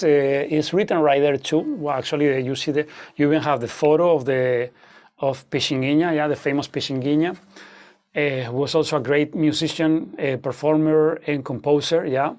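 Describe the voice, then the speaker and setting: Fairly high-voiced male guitar teacher, explanatory and loose, checking in with students often. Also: moderate pace, a little mellow. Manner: explanatory, frequent "okay?" check-ins, hesitant fillers. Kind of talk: online masterclass teaching.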